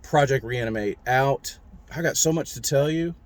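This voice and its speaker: A man's voice: mid-range voice, normal speed. A man casually telling a rambling, candid story in his own video diary, recorded on a phone in a vehicle. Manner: rambling, candid, self-described talker. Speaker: mental health vlogger.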